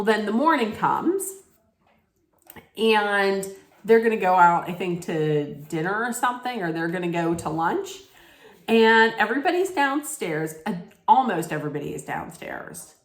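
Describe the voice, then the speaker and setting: A woman ranting in a casual recap vlog, blunt, scolding and full of profanity. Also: medium pitch. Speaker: reality TV recap vlogger. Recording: echoey room.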